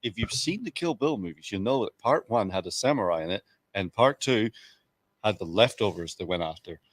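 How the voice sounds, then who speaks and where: A man's voice: lowish voice, animated, brisk, no echo. A man, a guest on a casual talk show, easygoing and a little rambling. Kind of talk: casual chat.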